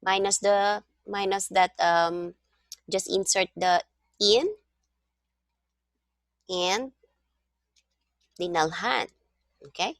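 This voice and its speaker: A woman's voice: fairly low pitch, no echo, studio quality. A woman teaching a one-on-one language lesson over a video call, explaining patiently step by step. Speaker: language tutor.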